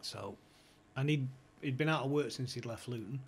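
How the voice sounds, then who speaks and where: A man's voice: mid-range voice, normal speed, slightly rough. A man telling stories casually, swearing and laughing as he goes. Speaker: podcast guest, former club insider. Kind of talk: casual storytelling chat.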